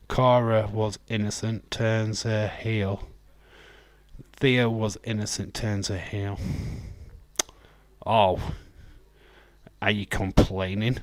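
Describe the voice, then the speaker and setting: A man's voice: fairly low pitch, level tone, very slow, no room sound. A man with a Yorkshire accent hosting a live wrestling watch-along, chatting casually and reacting to viewer messages. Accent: Yorkshire English. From Yorkshire, England. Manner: chatty, reacts to chat messages, laughs easily. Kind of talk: casual live commentary and chat.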